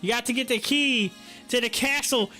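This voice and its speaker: A man hosting a live stream and reading viewer chat aloud, animated, laughing often and repeating his phrases. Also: very high-pitched, moderate pace, faint music behind.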